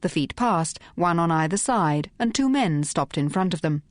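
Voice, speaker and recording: Crisp, wry woman reading an audiobook. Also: on the low side, expressive, moderate pace, few pauses, no echo, studio quality. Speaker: audiobook narrator. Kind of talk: scripted narration.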